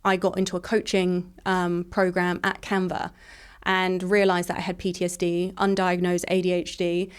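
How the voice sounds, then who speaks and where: Frank, fast-telling woman with a smooth voice. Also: fairly low pitch, monotone. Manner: frank, rapid storytelling with frequent "like" fillers. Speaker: guest. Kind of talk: candid personal story in an interview.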